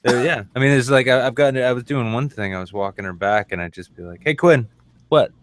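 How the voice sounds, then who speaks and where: A man's voice: mid-range voice, steady tone, fast, a bit bright, clear, resonant tone, no echo. Man, casual chat, joking, storytelling, mid voice. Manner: joking, storytelling with acted quotes. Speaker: stream guest.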